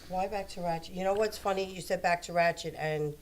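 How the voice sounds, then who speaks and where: A woman's voice: on the low side, steady tone, brisk. Blunt woman on a live stream. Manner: blunt, swears, teases back. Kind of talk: casual chat.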